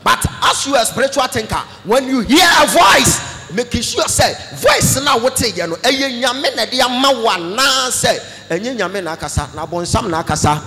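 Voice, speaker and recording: Ghanaian man, pastor, fiery sermon, high-pitched voice, shouts now and then. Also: in a large hall. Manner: animated preaching, mixes Twi with English phrases, bursts into shouting.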